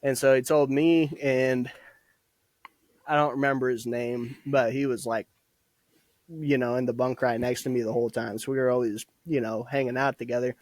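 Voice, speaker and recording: A young man in his twenties, a podcast guest, chatting in an easygoing, profane storytelling style with frequent laughs. His voice sits at an ordinary middle pitch. The recording is dry and close, with no room echo. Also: little pitch movement, moderate pace, darkish tone. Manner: laid-back, swears a lot, laughs often. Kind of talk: casual storytelling. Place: podcast studio.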